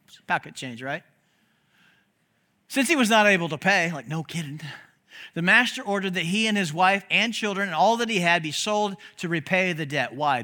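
A male pastor delivers a sermon in a high, bright voice. He keeps it animated and conversational, tossing joking asides to the congregation.

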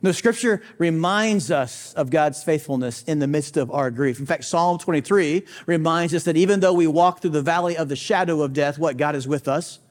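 A man with a high voice preaches a sermon, stacking short repeated lines for emphasis. He talks straight to the listener and throws out rhetorical questions like a pastor addressing doubters. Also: normal speed, few pauses. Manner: emphatic, repetitive preaching cadence.

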